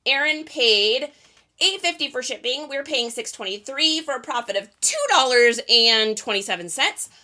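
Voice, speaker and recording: A woman's voice: high-pitched, expressive, normal speed, pushed and bright. A woman chatting casually on a live stream while packing orders, talkative and often laughing between rambling asides. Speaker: reseller hosting a live stream.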